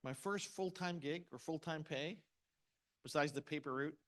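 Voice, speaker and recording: A man's voice: a little high, normal speed. A middle-aged man giving a motivational seminar talk, punchy and asking the audience questions. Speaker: motivational speaker.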